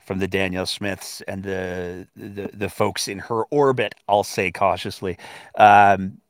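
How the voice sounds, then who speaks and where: A man hosting a live audio chat, talking in a measured, hedging way with frequent restarts. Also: deep voice, steady tone, clean tone, dry recording, studio quality. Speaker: host.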